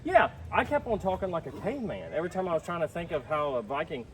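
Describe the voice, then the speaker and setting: A man's voice: on the high side, sing-song, fast, fairly bright tone. A man in a casual family vlog, joking and coaxing his kids, recorded on a handheld camera outdoors and in a store. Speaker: vlogger and father. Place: outdoors trick-or-treating, then a store. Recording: noisy handheld camera audio.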